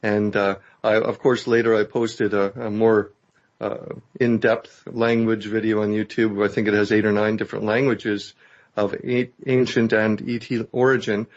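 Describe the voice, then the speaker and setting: A man hosting a casual interview, speaking conversationally with many pauses and fillers. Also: lowish voice, flat delivery. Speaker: host. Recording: dull lo-fi audio.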